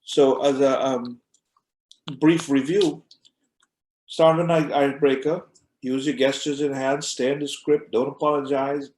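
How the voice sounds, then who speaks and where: A man's voice: mid-range voice, flat delivery, unhurried, a little mellow. A man, an imam, teaching a class in a conversational way, often repeating words as he goes and acting out short examples. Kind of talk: conversational lecture. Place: mosque classroom. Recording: echoey room.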